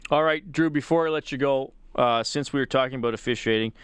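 A man's voice: medium pitch, fast talker, clear, resonant tone, no echo. A man hosting a sports talk radio show, chatting easily with a guest and reading out call-in details from the studio. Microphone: close studio microphone.

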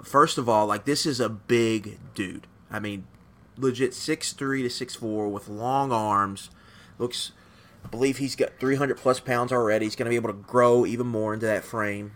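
Male podcast co-host, mid-range voice, loose rambling sports chat. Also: medium pitch. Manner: rambling, relaxed, laughs easily.

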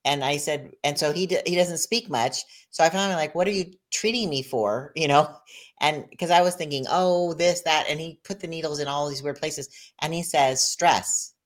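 Woman, interview host, low pitch, animated storytelling, quick reactions. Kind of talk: conversational interview.

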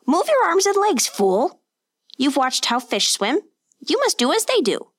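A woman voicing a stern male master who barks commands at his pupil in a raised, pitched-up voice. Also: huge pitch swings, measured pace, no echo, studio quality, heavily acted. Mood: commanding. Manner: barking, commanding. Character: stern man, a harsh swimming master.

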